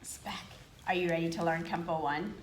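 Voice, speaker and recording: A woman's voice: fairly low pitch, fairly even intonation, moderate pace, echoey room, slight background noise. A woman karate instructor patiently teaching a child, with lots of encouraging praise. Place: martial arts dojo.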